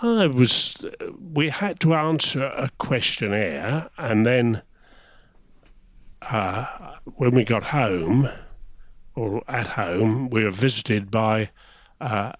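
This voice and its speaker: Low-voiced old Englishman telling stories. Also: no room sound. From England. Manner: chatty anecdotal storytelling, chuckling. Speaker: guest, retired naval officer. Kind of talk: casual reminiscing interview. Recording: dry, slightly dull recording.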